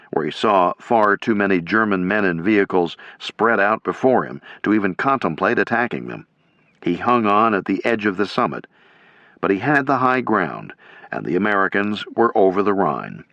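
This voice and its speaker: A man reading a military history audiobook in steady, measured scripted narration. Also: lowish voice, no room sound. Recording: dull lo-fi.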